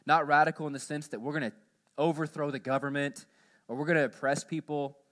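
A man preaching a sermon in church as pastor, who pushes his voice higher and louder on key points and then drops low and quiet to close them. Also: steady tone, fast talker.

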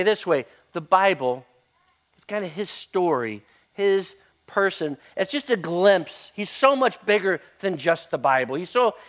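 A man preaching a conversational sermon as a pastor in church, often repeating words and swinging between soft and loud. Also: high-pitched. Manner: conversational, repeats words, varies loudness widely. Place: church sanctuary.

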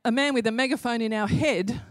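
A woman's voice: fairly high pitch, fairly quick, no room sound, studio quality. A woman preaching a sermon in an impassioned way, building to emphatic repeated phrases.

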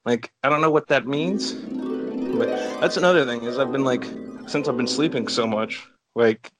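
A relaxed man co-hosting a casual chat podcast. He strings his thoughts together with constant "like"s and casual swearing, at an ordinary middle pitch. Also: moderate pace, loud music behind the voice. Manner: laid-back, heavy on "like", frequent swearing. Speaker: podcast co-host.

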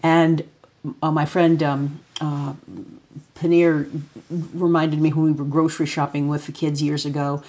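A middle-aged woman with a deep, husky voice tells loose, chatty stories about parenting. She talks to an audience as she moves through photos, sometimes acting out her son's lines. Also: flat delivery, measured pace, mellow. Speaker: parent giving a talk. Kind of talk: casual spoken talk with photos.

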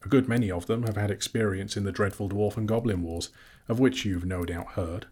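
A man voicing a polite, fussy male hobbit who talks in a brisk, businesslike, genteel way, a little husky. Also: fairly low pitch, fairly even intonation, a little mellow.

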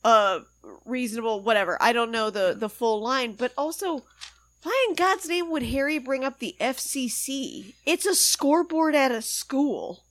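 A woman's voice: high voice, normal speed, no room sound. Musing woman co-hosting a podcast. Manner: questioning, thinks aloud with fillers. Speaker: podcast co-host. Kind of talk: casual chat recapping a TV episode.

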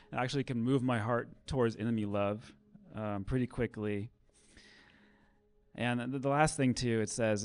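A man at a mid-pitched voice closing out a church service. He talks in a loose, conversational way, full of "um" and "like", and tells his stories with lively energy. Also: clear, resonant tone. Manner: conversational, animated storytelling with fillers. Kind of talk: casual talk with a closing prayer.

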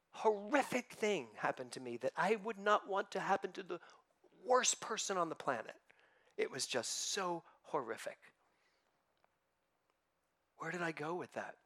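A man's voice: a little high, fairly bright tone. A man giving a spiritual sermon, emphatic and building to fervent passages, acting out inner voices in quotes. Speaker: spiritual teacher.

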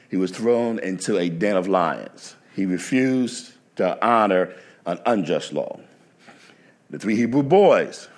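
A man with a fairly low voice preaches from the pulpit. He moves from easy storytelling into emphatic, rising preaching. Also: darkish tone. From New Jersey. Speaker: pastor. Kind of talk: sermon with anecdotes.

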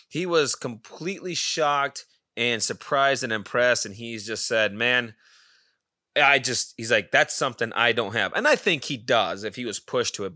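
A man hosting his own podcast, telling a long rambling story in a casual, profane, excitable way. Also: medium pitch, no echo, clean studio sound. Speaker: podcast host. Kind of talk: casual solo monologue.

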